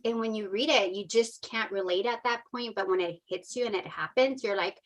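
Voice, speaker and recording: A woman's voice: mid-range voice, fairly quick, few pauses. Emotional, open-hearted woman guest. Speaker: podcast guest. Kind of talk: casual chat.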